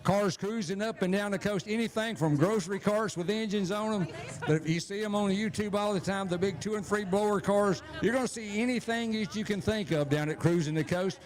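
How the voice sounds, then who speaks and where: A man with a Southern US accent, announcing live at a drag strip on a handheld mic, folksy and quick, tripping over his words. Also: high voice. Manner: fast-talking, folksy, slips on words. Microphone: handheld microphone.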